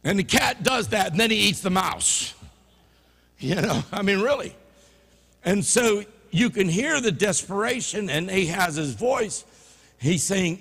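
A man with a Louisiana Southern accent preaches a sermon, his high voice leaping across a wide range. He drops to low murmurs, then climbs to loud, emphatic peaks. The sound carries the long reverb of a church hall. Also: animated, unhurried, vocal fry, slightly rough. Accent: Louisiana Southern American. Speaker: pastor. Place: church sanctuary.

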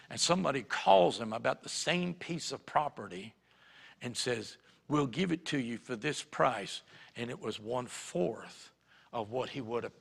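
A man preaching a sermon as pastor, telling stories that swing from quiet asides to emphatic points. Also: mid-range voice, gravelly, breathy edge, in a large hall. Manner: storytelling, shifts between quiet and emphatic. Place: church sanctuary.

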